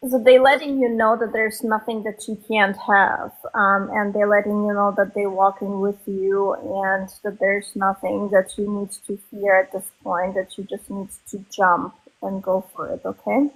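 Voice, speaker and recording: A woman medium reading for a sitter in a live online session, her voice sitting at an ordinary middle pitch. She talks in a soft, reassuring way, pausing often on ums as she searches for words. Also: level tone, poor audio. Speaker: psychic medium giving a reading.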